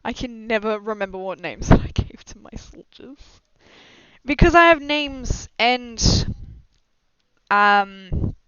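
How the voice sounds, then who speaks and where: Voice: mid-range voice, lively intonation, slow, pushed and bright, clean tone, no echo. A young adult streamer chatting casually and rambling with frequent giggles and self-deprecating asides during a live stream. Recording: slightly dull lo-fi mic, dry.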